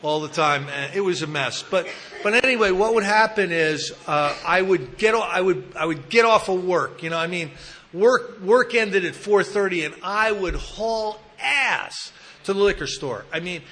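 A man's voice: high voice, moderate pace, bright, forceful tone, slight background noise. A man giving a personal recovery talk, telling his story candidly with self-mocking humor. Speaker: recovery speaker at a support meeting.

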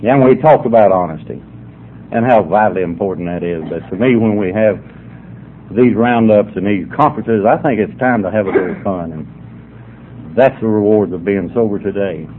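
A man's voice: lowish voice, moderate pace. An older man, telling humorous stories at a sobriety meeting in a folksy, drawling way. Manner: folksy, drawling yarn-spinner. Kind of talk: humorous storytelling to an audience. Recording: tinny phone-like recording, faint noise.

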